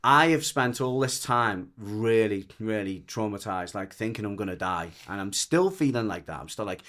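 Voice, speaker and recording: A man with a Merseyside accent tells a story in a loose, conversational way. His voice sits a little low, and he wanders, restarts his sentences and swears freely as he talks. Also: lively intonation, normal speed, few pauses, fairly bright tone. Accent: Merseyside English. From the Wirral, England. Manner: rambling, frank, restarts often, swears. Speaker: dog trainer and podcast guest. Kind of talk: casual storytelling chat.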